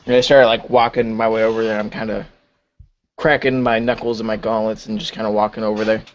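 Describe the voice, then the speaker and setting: A man's voice: fairly low pitch, flat delivery, fairly quick, highs cut off, slight background noise. A man playing a tabletop game, talking casually with slang. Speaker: player.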